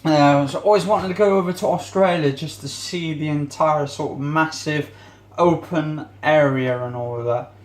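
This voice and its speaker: A man's voice: a little high, steady tone, normal speed, roomy sound. A man vlogging in a casual, rambling way while he cleans his home kitchen, often searching for words.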